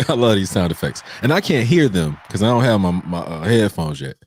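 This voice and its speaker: A man's voice: lowish voice, expressive, normal speed, a little hiss or hum. A man hosting a live pre-market trading stream, talking straight to his viewers with playful, preachy energy. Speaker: trading show host.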